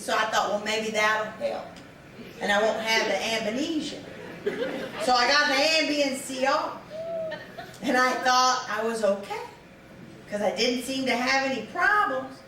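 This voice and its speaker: This fifties-aged comic's voice is a little high, pushed and bright, with a touch of hiss or hum on the recording. Onstage before a live crowd, she rambles through self-mocking bits with lots of fillers and restarts, her sound distant and echoing amid audience laughter.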